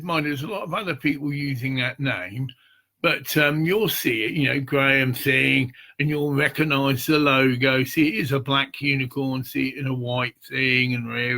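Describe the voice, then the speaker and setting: A man giving a rambling, informal pitch for a charity promotion project, swearing freely and checking in with "see?" and "get it?". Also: bright, forceful tone. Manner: meandering, profane, repeats "see" and "get it".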